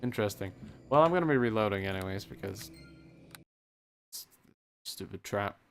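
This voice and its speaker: A man's voice: lowish voice, expressive, normal speed, faint music behind. A man casually commenting on a fantasy role-playing game as he plays, with wry, sarcastic jokes. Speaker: let's play host.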